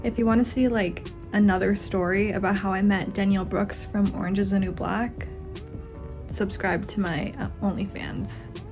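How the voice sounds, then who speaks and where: A woman's voice: medium pitch, steady tone, normal speed, music in the background. A young woman vlogger telling a casual story, gushing and peppering it with filler words. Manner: gushing, filler-heavy with many likes.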